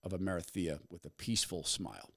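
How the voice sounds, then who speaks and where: Man, podcast host, lively storytelling voice, dramatic pauses, commentary monologue. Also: sits low, vocal fry, breathy edge.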